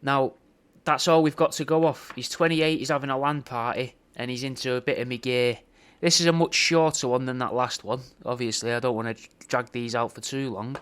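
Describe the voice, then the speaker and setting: A man's voice: medium pitch, steady tone, brisk, fairly bright tone, smooth. A young man in a casual, rambling monologue, swearing often and ending his lines with "mate" and "bro". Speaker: podcast host recording paid video messages.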